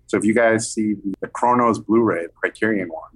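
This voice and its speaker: A man recounting an anecdote as an interview guest, lively and animated, acting out the people he quotes. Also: lowish voice, a little fast, husky. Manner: animated, acts out quoted voices. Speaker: film director guest. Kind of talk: anecdotal storytelling.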